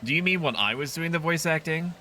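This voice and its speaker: A man's voice: a little high, fast talker, sharp tone, slight background noise. Laid-back swearing male game streamer. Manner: chatty, laughing, swears freely. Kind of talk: casual live gameplay commentary.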